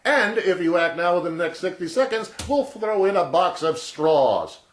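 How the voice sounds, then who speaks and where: Older man mimicking a loud, high-pitched infomercial pitchman who never stops yelling, in a roomy echo. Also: animated, moderate pace. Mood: shouting hype. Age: 60s. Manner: yelling, over-the-top pitch delivery. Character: shouting male TV pitchman, relentless hard sell.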